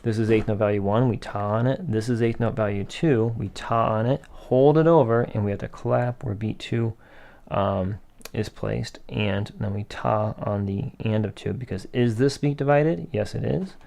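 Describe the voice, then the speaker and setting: A music teacher with a fairly low, gravelly, warm voice gives a rhythm lesson at normal speed. He's patient and methodical, posing questions and then answering them himself.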